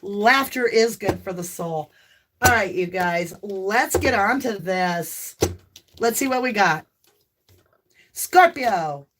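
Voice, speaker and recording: A woman with a light Southern US accent, hosting a live tarot stream in casual chat, talkative and laughing often, breaking into loud whoops. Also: mid-range voice, expressive, slow, a little hiss or hum. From American South.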